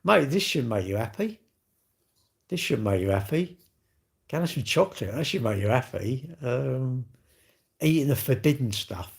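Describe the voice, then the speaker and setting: A man's voice: mid-range voice, expressive, moderate pace, gravelly, pauses often, breathy edge. A middle-aged man, hosting a live stream and chatting casually as he reads out viewer comments, in rambling, jokey, self-mocking banter. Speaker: livestream host.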